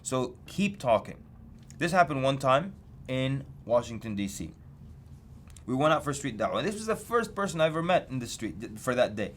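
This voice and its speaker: Guy preaching, tells stories, voice jumps up and down a lot, mid pitch, faint hiss behind. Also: normal speed. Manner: lively storytelling, pitch jumps for emphasis. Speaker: Islamic preacher teaching street outreach. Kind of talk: story-led lecture.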